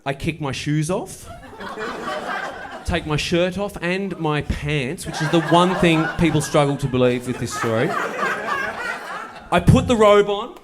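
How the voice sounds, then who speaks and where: A man's voice: a little high, unhurried, a crowd in the background. Wry man telling a story on stage. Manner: wry, deadpan delivery with playful asides. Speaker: stand-up comedian. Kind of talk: stand-up storytelling. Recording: live show with audible noise. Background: audience laughter.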